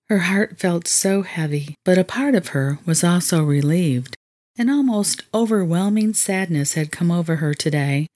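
A woman narrating a novel in a measured storytelling manner. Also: fairly low pitch, a little mellow. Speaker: audiobook narrator. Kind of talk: scripted narration.

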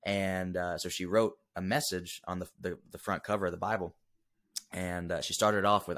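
A young man with a very low, deep voice tells a personal story as a podcast guest. He talks earnestly and emotionally, with plenty of fillers and restarts. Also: fairly even intonation, normal speed, a bit bright. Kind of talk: casual storytelling interview.

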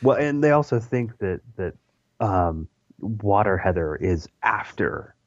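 A man's voice: lowish voice, animated, measured pace, no echo. A man in a casual fan chat, laid-back, mostly giving short agreeing replies. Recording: slightly dull lo-fi sound.

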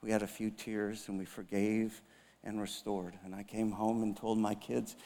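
A man's voice: lowish voice, level tone, normal speed, creaky, warm tone, big-room sound. A man in his fifties preaching a sermon as a pastor, telling a personal story with self-mocking humor and acted dialogue. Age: 50s.

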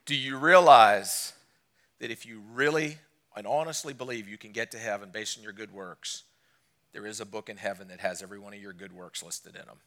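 A man preaching a sermon to a church congregation, asking them direct questions and swinging between loud emphatic lines and quiet low drops. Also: fairly quick. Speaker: guest preacher. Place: church service.

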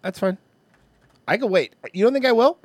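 A man's voice: high-pitched, expressive, normal speed, no echo. A man hosting a stream, chatting casually and making crude, joking remarks. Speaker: stream host. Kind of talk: casual chat.

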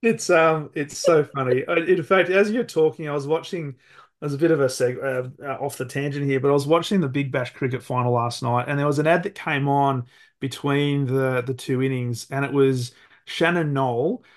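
A man's voice: medium pitch, moderate pace. A middle-aged man with an Australian accent, chatting casually on a podcast as a guest, rambling and correcting himself as he goes. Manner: rambling, self-correcting, laughs easily. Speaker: podcast guest, sales leader. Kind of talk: casual conversation.

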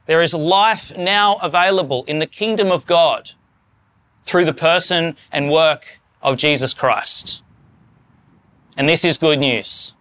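A man's voice: fairly high pitch, takes it slowly, a bit bright. A man preaching a sermon to his congregation, earnest and rising to fervent emphasis. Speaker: pastor.

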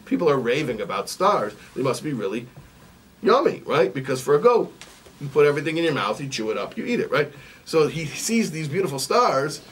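Man teaching, lively pitch, distant mic. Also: brisk, slightly rough. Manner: repetitive, questioning, storytelling. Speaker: religious teacher. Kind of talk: sermon with a parable. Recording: distant mic, faint noise.

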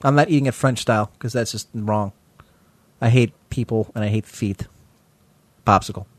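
A man's voice: lowish voice, normal speed, dry recording. Blunt joking man, dry close sound. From Ohio. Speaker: podcast co-host. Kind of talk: casual chat. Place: Cleveland.

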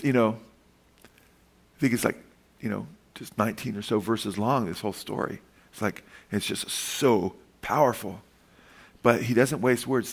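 A man preaching a sermon as a pastor, earnest, moving between soft, slow passages and sudden emphatic lifts. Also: medium pitch, vocal fry.

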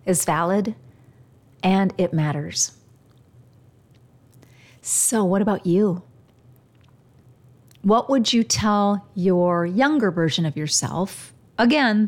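A woman hosting a motivational self-help show, talking slowly and gently, pausing often as she guides listeners through reflection. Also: medium pitch. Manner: slow, gentle, reflective delivery with pauses. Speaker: show host.

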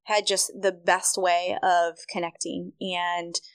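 A young woman with a fairly low voice tells her own story as a podcast guest, chatty and animated, acting out what people said to her. The recording is dry and close, with no room sound. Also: takes it slowly, clear, resonant tone, no room sound. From Michigan, USA. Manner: chatty, animated, acts out quoted dialogue. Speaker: podcast guest, running coach. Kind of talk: casual storytelling interview.

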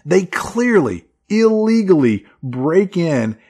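A man co-hosting a casual movie-recap chat, laughing often and dropping into low mocking voices to mimic characters. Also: big pitch swings, slow, darkish tone, breathy edge. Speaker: podcast co-host.

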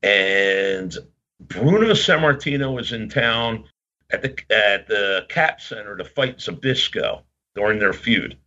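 A man's voice: on the low side, lively intonation, slow, sharp tone. A man telling long, rambling stories in casual chat, laughing often and acting out what people said. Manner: rambling, laughing, acts out quotes. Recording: dull lo-fi sound.

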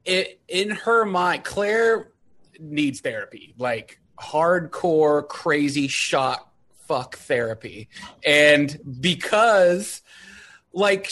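A man co-hosting a casual chat, blunt and quick to laugh. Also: a little high, fairly bright tone. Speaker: podcast co-host. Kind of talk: casual chat about reality TV.

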